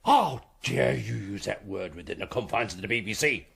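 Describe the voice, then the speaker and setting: An actor playing a bossy, officious commissionaire sergeant in a radio comedy. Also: male voice, fairly low pitch, expressive, moderate pace, gravelly, crowd noise. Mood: pompous. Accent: former Cockney, now put-on posh. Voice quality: pompous, officious. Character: bossy, fussy male commissionaire sergeant, middle-aged.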